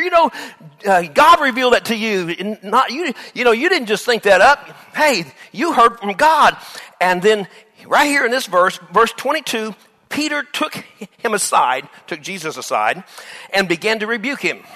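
A man's voice: high voice, moderate pace. A male pastor preaching a sermon, acting out Bible scenes with laughter and asides to the congregation. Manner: animated, acts out Bible dialogue with laughs.

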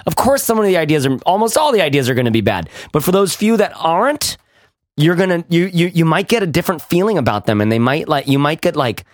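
Quick-paced and animated, a man co-hosting a casual podcast keeps restarting his thoughts and pitches up when he's excited. The studio-quality recording has no room sound.

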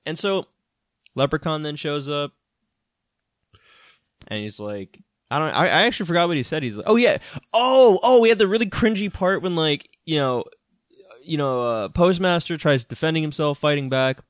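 A man co-hosting a podcast, recapping a film in animated casual chat, swearing and laughing often. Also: fairly high pitch, moderate pace, no room sound, studio quality. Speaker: podcast co-host.

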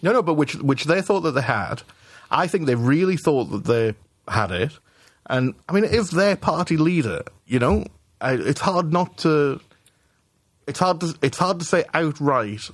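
A man co-hosting a casual political podcast, talking in halting restarts and swearing as he builds his argument. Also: fairly high pitch, big pitch swings, husky, dry recording. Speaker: podcast co-host.

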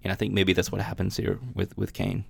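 Low gravelly man chatting over scripture. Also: completely flat delivery, a little fast, no echo. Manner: reads scripture aloud then chats about it with many restarts. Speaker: podcast host. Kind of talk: casual Bible reading and commentary.

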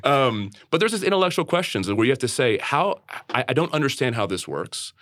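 A man's voice: mid-range voice, very animated, fast, fairly bright tone, no room sound, studio quality. A man co-hosting a church podcast, telling a candid personal story in an earnest conversational way, often restarting and repeating words. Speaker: church leader and podcast co-host.

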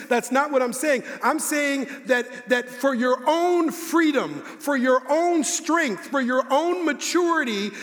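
A man preaching a sermon as a pastor, slowing down to repeat key lines with emphasis. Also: very high voice, a bit bright. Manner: preaching with slow emphatic repetition. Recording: long reverb of a large hall.

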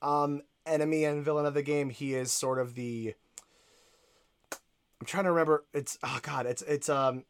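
A man's voice: on the high side, fairly even intonation, normal speed, clear, resonant tone. Rambling man talking games. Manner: rambling, full of fillers and asides. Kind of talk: casual video game discussion.

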